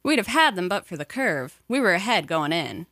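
A woman's voice: on the low side, moderate pace, dry recording, studio quality. A woman reading aloud, voicing a charming, polite young man who is a stranger on the road. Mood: consoling. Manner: warm and polite, then excited. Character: charming smooth-talking young man, fugitive.

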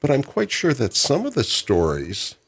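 A man hosting an interview, asking relaxed, halting questions with fillers. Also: mid-range voice, gravelly, breathy edge. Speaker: interview host. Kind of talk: conversational interview.

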